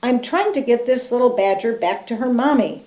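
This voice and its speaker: A woman's voice: a little high, lively intonation, moderate pace, warm tone, reverberant, close to an everyday voice. A woman reading the lines of a grumpy little male mouse in a storybook, in a huffy, grumbling way.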